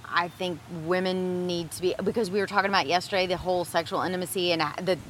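A woman's voice: fairly low pitch, steady tone, fast talker, background noise. A woman co-hosting a casual chat about marriage, speaking earnestly with emphasis. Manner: earnest, emphatic, many affirming sounds. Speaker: co-host of a marriage advice show.

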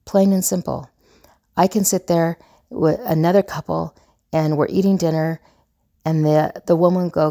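Middle-aged female advice host, low gravelly voice, earnest and rambling. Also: steady tone, moderate pace, mellow. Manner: earnest, rambling, with many fillers and restarts. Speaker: relationship coach and podcast host. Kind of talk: casual advice monologue.

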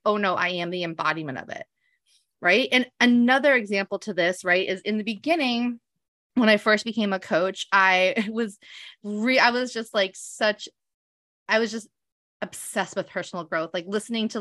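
A woman's voice: mid-range voice, bright, forceful tone, no echo, studio quality. A woman business coach hosting a solo podcast, talking casually and telling stories with lots of "like". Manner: casual, storytelling, heavy use of "like".

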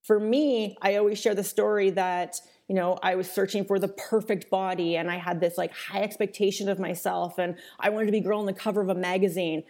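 A woman's voice: mid-range voice, darkish tone. A woman business coach giving a webinar training in a casual, chatty way, full of fillers and the odd mild swear word.

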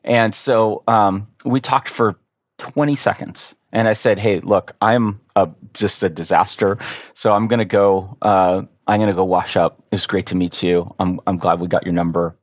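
Man, podcast guest, low voice, earnest storyteller, dry close sound. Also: moderate pace, no room sound. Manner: earnest, animated anecdote-telling. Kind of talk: casual storytelling in conversation.

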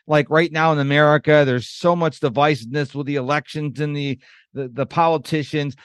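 A middle-aged man with a fairly high voice hosts a podcast conversation. He talks in an emphatic, motivational manner, and the sound is dry and close. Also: fairly even intonation, fairly quick, clear, resonant tone, dry recording. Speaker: podcast host.

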